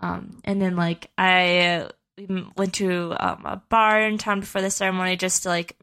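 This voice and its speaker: A woman's voice: fairly low pitch, level tone, normal speed, fairly bright tone, clear, resonant tone. Young woman, podcast co-host, casual chat, rambling story, lots of fillers.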